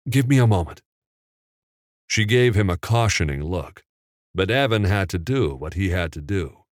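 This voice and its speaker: A man narrating a novel in a measured, unhurried storytelling manner. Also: sits low, lively intonation, no room sound, clean studio sound. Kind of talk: audiobook narration.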